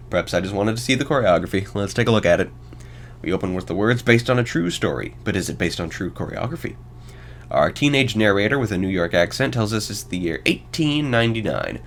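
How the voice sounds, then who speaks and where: A man's voice: fairly low pitch, a bit bright, a little hiss or hum. A man in his twenties hosting a solo podcast, reviewing films with casual commentary and sarcastic, wry asides. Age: 20s. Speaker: podcast host.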